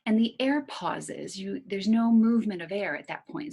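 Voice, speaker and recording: A woman teaching a singing lesson, calmly guiding listeners through gentle breathing and vowel exercises. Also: medium pitch, moderate pace, few pauses, breathy edge. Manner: calm, coaching breath instructions. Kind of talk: guided voice lesson.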